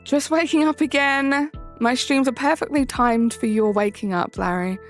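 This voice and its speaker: A woman's voice: high voice, moderate pace. A young English woman streaming live, chatting with viewers and greeting them by name, her sentences rising at the ends. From England. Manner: bubbly, greets chatters by name, sing-song rising endings. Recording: faint music behind. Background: faint background music.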